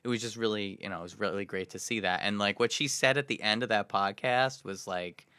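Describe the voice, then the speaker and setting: Bright, rambling male podcast co-host. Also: on the low side, brisk, clean tone, dry recording. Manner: rambling, many restarts, trails off quietly. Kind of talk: casual chat.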